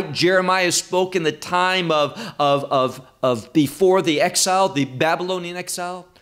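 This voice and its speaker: A man teaching verse by verse through a Bible passage, emphatic and deliberate, with wide swings in pitch. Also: fairly bright tone.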